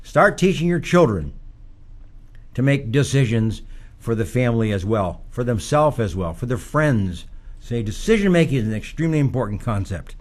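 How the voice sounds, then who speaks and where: A man's voice: medium pitch, very animated, moderate pace. An older man, a psychologist, giving earnest, teacherly parenting advice that repeats its key points. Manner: earnest, repetitive, teacherly, with rising emphasis. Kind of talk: advice talk.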